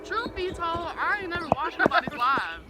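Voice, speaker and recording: A woman's voice: extremely high pitch, expressive, moderate pace, crowd noise. A young woman teasing her friend in blunt casual chat outdoors.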